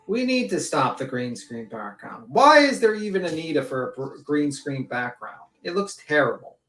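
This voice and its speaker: A woman's voice: sits low, big pitch swings, normal speed, fairly bright tone. A woman panelist on a livestream, chatting casually and ranting bluntly with plenty of swearing. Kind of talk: casual chat. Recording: echoey room.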